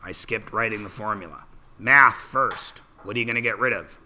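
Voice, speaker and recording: A male math teacher leads an algebra review in a classroom, working each step slowly and throwing questions at his students. His voice is fairly low but bright, with faint room ambience behind it. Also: slight background noise. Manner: walks students through steps with questions.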